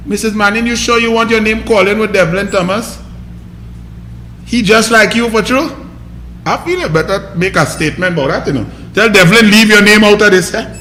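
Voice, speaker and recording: A man's voice: high voice, sharp tone, echoey room, a little hiss or hum. A man with a Trinidadian accent hosting a political commentary show, scolding and mocking his targets in a combative rant.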